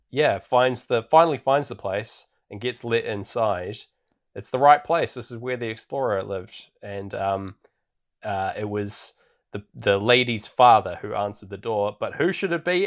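Man, lowish voice, casual podcast chat, rambling delivery, lots of ums, relaxed. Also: measured pace. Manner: rambling, relaxed, heavy on fillers. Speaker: podcast co-host. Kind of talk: casual film recap chat. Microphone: podcast microphone.

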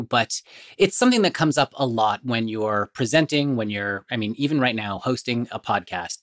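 A man's voice: mid-range voice, fairly bright tone. Male podcast host, middle-aged, upbeat and motivational, chatty interviewer, faint music bed. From United States.

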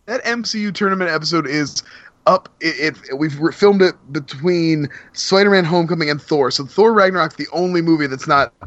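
A man's voice: a little high, a little fast, a bit bright, highs cut off. A man chatting casually as a podcast guest, easygoing and self-mocking.

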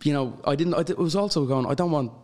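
A young man with an Irish accent, a guest telling stories in an animated way and laughing often. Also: a little high, fast talker. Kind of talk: casual chat.

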